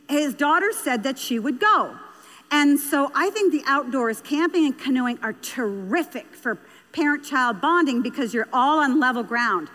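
A woman's voice: sits high, sharp tone. A woman giving a talk on parenting, telling an anecdote earnestly and repeating key phrases for emphasis. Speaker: speaker on parenting. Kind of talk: storytelling talk to an audience. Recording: long hall reverb.

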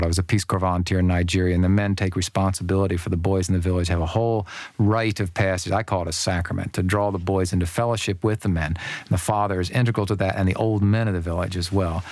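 A man's voice: sits low, no echo. An older man telling stories as a Christian speaker on men and marriage, acting out the people he quotes. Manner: animated storyteller who acts out voices. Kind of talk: storytelling guest talk.

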